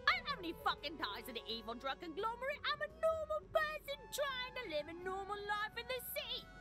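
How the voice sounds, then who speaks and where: A hostile, foul-mouthed local from a video game, snapping and swearing at whoever bothers her. Her voice is very high and leaps around sharply. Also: very animated, a little fast, loud music behind the voice.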